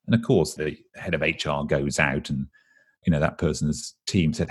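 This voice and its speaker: An English man with a very low, husky voice talks as a guest expert. He explains at a brisk clip and slips into little quoted voices to act out what people say. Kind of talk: explaining in an interview.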